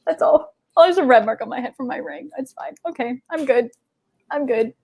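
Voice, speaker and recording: A woman's voice: high-pitched, normal speed, vocal fry, a little mellow, a little hiss or hum. A young woman who has just won a game season, giving a tearful, effusive acceptance over a video call. She rambles, swears and laughs between phrases. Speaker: contestant, season winner. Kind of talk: emotional live acceptance speech.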